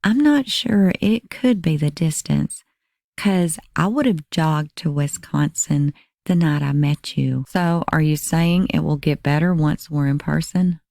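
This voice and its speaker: A woman narrating a crime channel, reading text messages aloud in a measured, even voice. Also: sits low, vocal fry, no room sound, studio quality.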